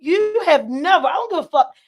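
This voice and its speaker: A woman's voice: very high voice, lively intonation, a little fast. A woman hosting a casual talk show, telling stories in a blunt, profane, laughing way. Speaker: host. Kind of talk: casual storytelling chat.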